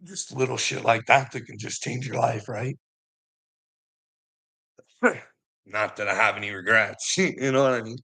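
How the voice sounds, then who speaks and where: A man's voice: medium pitch, unhurried, vocal fry, long pauses, sharp tone, poor audio. A man rambling through a casual personal story, swearing freely and laughing often between lines. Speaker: vlogger.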